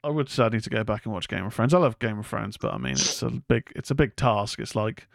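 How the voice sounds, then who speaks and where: A man's voice: lowish voice, fast talker, creaky, dry recording, studio quality. A man co-hosting a podcast, recapping a TV episode in casual, hesitant chat with lots of fillers. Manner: rambling, hesitant with many fillers. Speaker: podcast co-host.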